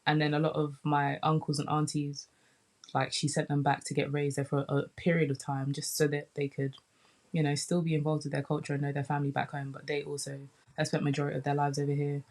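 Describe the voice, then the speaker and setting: A young woman from the UK, a comedian chatting casually in an interview, animated and relaxed, often saying "man". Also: low-pitched, quick pace. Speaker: comedian guest.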